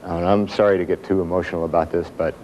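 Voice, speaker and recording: A man giving a motivational workshop talk to an audience in a room, telling stories with self-mocking humor and dramatic pauses. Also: sits low, steady tone, darkish tone, lo-fi sound, slight background noise. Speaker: motivational speaker.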